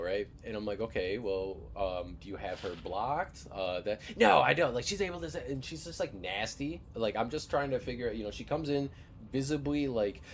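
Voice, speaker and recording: A man's voice: mid-range voice, slight background noise. A young man streaming a game, telling a profane, ranting story in casual chat.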